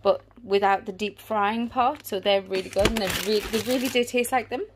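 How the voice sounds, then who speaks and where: Against a noisy background, a woman in her thirties speaks at a moderate pace in a medium-pitched voice with fairly even intonation. She's a family vlogger going through a grocery haul inside her family home, chatty and rambling, frequently letting sentences trail off.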